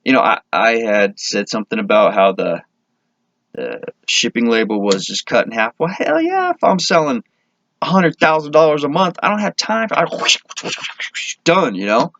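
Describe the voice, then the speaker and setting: A man from Minnesota talks casually to his camera, rambling along, correcting himself and enthusing as he goes. His voice sits at a middle pitch. The sound is close and dry, with a dull, lo-fi tone. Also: very animated, normal speed, fairly bright tone, no echo. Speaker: vlogger.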